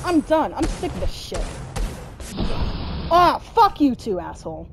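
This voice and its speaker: A woman's voice: sits high, very animated, a little slow, vocal fry, long pauses, noisy background. A woman giving frustrated gameplay commentary, cursing at the game nonstop. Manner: constant angry cursing at the game. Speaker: gamer.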